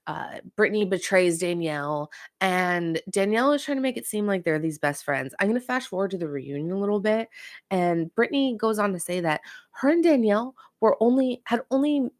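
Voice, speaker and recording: A woman's voice: mid-range voice, no room sound, studio quality. A woman hosting a pop culture show, giving a casual, opinionated recap straight to her viewers. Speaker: pop culture podcast host.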